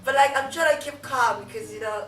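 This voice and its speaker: Chatty South African woman, bright echoey voice. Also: high voice, fairly quick, distant mic. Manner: chatty, frequent fillers and laughs. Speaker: YouTuber. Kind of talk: casual storytime chat. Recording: echoey room, off-mic, faint music.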